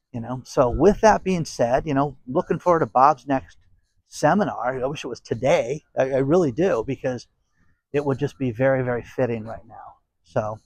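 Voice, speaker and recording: A man's voice: mid-range voice, darkish tone, dry recording, rough recording. A man hosting a casual commentary vlog, talking straight to his viewers in a chatty way and laughing often. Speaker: host.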